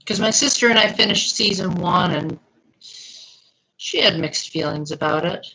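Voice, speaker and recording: A woman's voice: fairly low pitch, moderate pace, pushed and bright, rough recording. A young woman streaming live, chatting casually and answering her viewers' comments.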